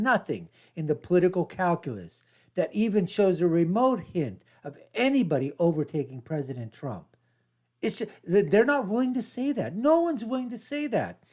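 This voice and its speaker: A man's voice: high-pitched, a little mellow. Male reaction host, casual, laughs a lot, teasing asides. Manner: chatty, laughs often, mocking asides.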